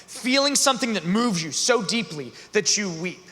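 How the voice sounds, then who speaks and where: A man giving an earnest, conversational youth talk that builds to loud emphatic passages, recorded in a large arena hall. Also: high voice, expressive, moderate pace. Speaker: youth conference speaker. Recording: long hall reverb.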